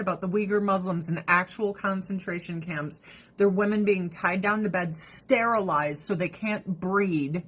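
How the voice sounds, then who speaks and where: A woman's voice: mid-range voice, moderate pace, fairly bright tone. A woman chatting casually to camera in a blunt, profane way. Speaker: vlogger. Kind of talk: casual chat.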